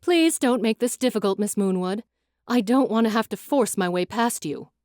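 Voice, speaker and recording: A stern female lawkeeper from a fantasy audiobook, as a narrator puts her on, loud and commanding. She barks orders and demands answers. The recording stays dry and close. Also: medium pitch, lively intonation, moderate pace, dry recording, natural voice.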